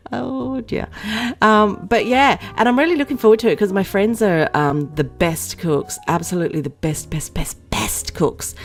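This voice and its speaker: A woman with a notably low, deep speaking voice chats to her viewers in a loose, rambling way, full of ums and little laughs. Soft music plays faintly behind her. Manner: rambling, chatty, many fillers and giggles. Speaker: vlog host. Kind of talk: casual chat to camera.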